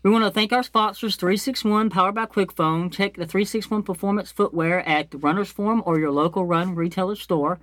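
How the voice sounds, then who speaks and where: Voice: medium pitch, fairly quick, hardly any pauses, a bit bright, no room sound. A podcast co-host chatting casually, often repeating words when starting a sentence. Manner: stumbles over repeated words. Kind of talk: casual chat.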